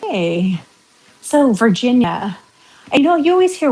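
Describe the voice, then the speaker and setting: A woman's voice: fairly high pitch, big pitch swings, moderate pace, a little mellow, breathy edge, poor audio. A middle-aged woman with a West Coast American accent, chatting on a walking livestream, rambling between topics and reading out viewer comments. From western United States. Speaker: livestream vlogger. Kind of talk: casual livestream chat while walking.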